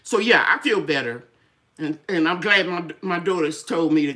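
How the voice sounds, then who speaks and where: An older woman with a fairly low, bright, forceful voice hosts a gardening channel's live-stream chat at a moderate pace. Slightly tired, with draining sinuses, she stays chatty, telling stories and acting out the voices she quotes.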